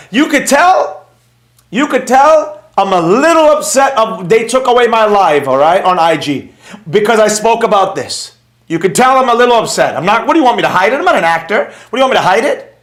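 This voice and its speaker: High-pitched ranting man in an echoey room. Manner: animated, sarcastic, repetitive ranting. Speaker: trading educator and livestreamer. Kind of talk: casual ranting livestream.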